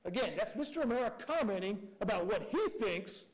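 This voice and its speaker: Male prosecutor, high voice, emphatic courtroom argument built on rhetorical questions. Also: expressive, fairly quick, low-quality recording.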